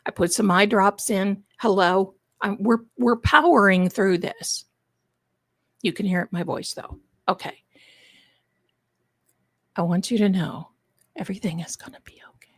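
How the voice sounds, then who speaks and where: Slow, chatty woman hosting a livestream. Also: medium pitch, no echo. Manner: chatty, theatrical, addresses viewers as darlings. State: congested from allergies. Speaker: livestream host. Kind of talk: casual livestream chat.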